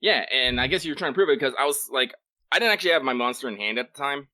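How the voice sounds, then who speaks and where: A man's voice: mid-range voice, lively intonation, racing, bright, forceful tone, no room sound. A man co-hosting a casual live-streamed podcast, joking around and swearing freely. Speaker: podcast co-host.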